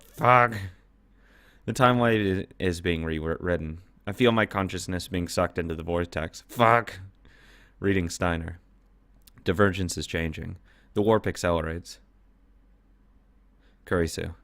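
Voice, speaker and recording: Low-voiced man reading a visual novel. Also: measured pace, pauses often, a bit bright, dry recording. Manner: reads narration plainly, breaks off to swear and react. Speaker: let's-read narrator of a visual novel. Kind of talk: reading game text aloud with reactions.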